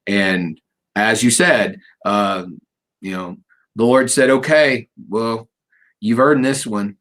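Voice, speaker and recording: A middle-aged man in a relaxed radio interview, winding through personal anecdotes with frequent restarts. He talks in a loose, joking, storytelling way. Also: lowish voice, slow pace. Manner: rambling, storytelling, jokey. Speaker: radio show host. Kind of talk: casual interview chat.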